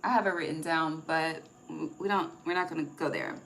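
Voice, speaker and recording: A woman reads tarot in a loose, chatty way, cursing casually and checking in with her listeners. Her voice is bright and forward. It is recorded on a phone with a faint hiss underneath. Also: sits low, steady tone, a little fast, gravelly, rough recording. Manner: chatty, profane, asks "okay?" often. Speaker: tarot reader. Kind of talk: casual intuitive tarot reading.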